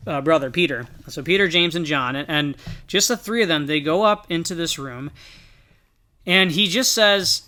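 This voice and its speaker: A man's voice: a little high, moderate pace, bright, forceful tone. A man co-hosting a podcast, earnestly reflecting in a casual Bible discussion. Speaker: podcast co-host.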